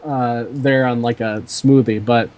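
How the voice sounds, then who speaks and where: A man's voice: medium pitch, fairly even intonation, measured pace, darkish tone. A young man hosting a podcast, telling a rambling story in casual chat with lots of fillers. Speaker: podcast host.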